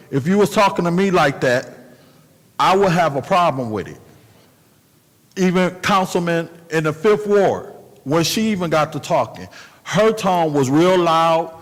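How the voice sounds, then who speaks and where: Brief: male council member, emphatic and plainspoken, somewhat high voice, recorded in an echoing meeting chamber. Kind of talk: formal meeting remarks.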